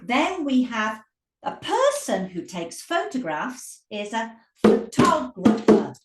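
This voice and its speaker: A woman teaching English pronunciation, drawing out words slowly and stressing syllables to demonstrate. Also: a little high, far from the mic, very noisy. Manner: slow, drawn-out demonstrative speech with lively emphasis. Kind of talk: pronunciation lesson. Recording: echoey room.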